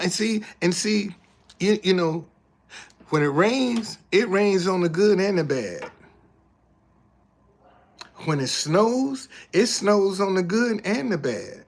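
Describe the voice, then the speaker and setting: A man's voice: high-pitched, lively intonation, slow, pauses often. A man giving preachy casual commentary as an online host, emphatic and repeating his words like a preacher.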